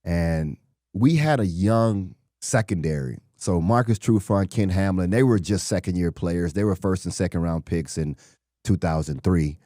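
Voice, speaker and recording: Deep mellow guy telling old football stories, super dry close mic. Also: normal speed, dry recording. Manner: animated storyteller, acts out quotes. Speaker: former pro football player, guest. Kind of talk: conversational interview storytelling.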